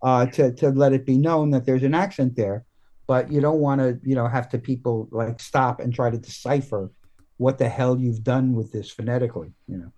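A man speaking as a guest in a relaxed podcast chat. He talks in a halting way, circling back and restarting his sentences, with a middle-pitched voice. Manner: halting, many restarts and fillers. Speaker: guest comics writer. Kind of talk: casual podcast interview.

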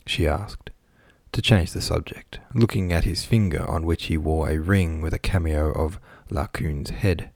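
A man with a deep, low voice narrates a classic novel in a measured, even manner. The recording is dry and close, with no room sound. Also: gravelly, no echo. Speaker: audiobook narrator.

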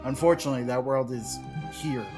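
A man's voice: a little fast, music in the background, close to an everyday voice. A man voicing a rambling self-pitying park bench. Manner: rambling, deadpan asides, shrill when excited. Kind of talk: comedic script reading.

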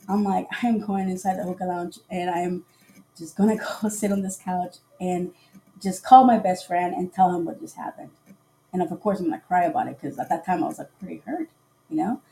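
A woman hosting a casual live podcast, telling a dating story in an animated way, often laughing and acting out what people said. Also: lowish voice, gravelly, slight background noise.

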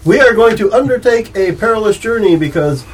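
A man's voice: high-pitched, expressive, a little fast, a little hiss or hum, low-quality recording. A man narrating a tabletop game as game master, rambling with restarts and laughing often.

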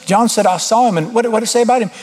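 A man's voice: high-pitched, very fast, darkish tone. A middle-aged man preaching an informal sermon, folksy and blunt, with sudden emphatic rises.

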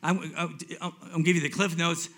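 A man in his fifties telling his personal faith testimony to a congregation, swinging between hushed reflection and excited retelling, often repeating himself. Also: a little high, brisk. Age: 50s. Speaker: speaker giving a testimony.

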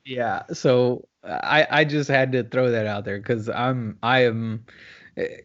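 A man's voice: mid-range voice, slow pace. A man tells a story in loose, easy chat, breaking into laughter and yelping out what he said at the time. His voice sits in a middling register. The audio is a little muffled and lo-fi. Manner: animated, laughing, acts out shouted quotes. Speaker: podcast co-host.

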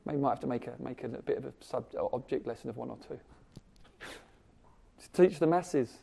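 A man preaching a sermon, animated, swinging from loud emphasis to hushed asides. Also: medium pitch, fairly quick, creaky, pauses often, breathy edge.

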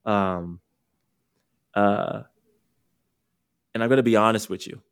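A man's voice: fairly low pitch, slow pace, smooth. A man hosting a podcast interview, talking candidly in a rambling, self-interrupting way. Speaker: podcast host and career coach. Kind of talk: casual conversational interview.

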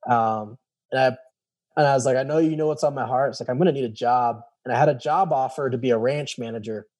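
Guy with a dark mellow voice, telling a long story casually, lots of "i was like", acts out the quotes. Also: medium pitch, fast. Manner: animated, acts out quoted dialogue; many fillers and repeated "I was like". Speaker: guest telling his story.

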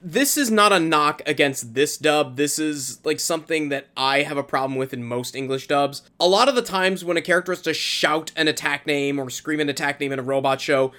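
Bright-voiced, gushing podcast co-host man. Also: a little high, clear, resonant tone. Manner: enthusiastic, gushing. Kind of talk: casual podcast chat.

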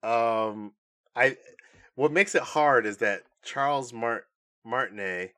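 A man's voice: mid-range voice, slow, clear, resonant tone. A man co-hosting a podcast in casual chat, who jokes around and laughs often. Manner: animated, laughs often, jokey. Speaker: podcast co-host.

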